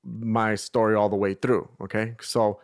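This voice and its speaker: A young man telling a story to friends in casual chat, animated, swearing freely, full of slang and acting out what people said. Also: lowish voice, a little slow.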